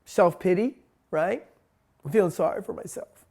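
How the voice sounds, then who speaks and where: A man's voice: sits high, normal speed, gravelly, a little mellow. A man giving a spiritual talk in a blunt, emphatic monologue, swearing freely. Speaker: spiritual teacher.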